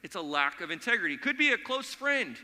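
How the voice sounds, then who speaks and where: A man preaching a sermon as pastor, telling stories in an energetic, conversational way. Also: high-pitched, a little fast. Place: church sanctuary. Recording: long hall reverb.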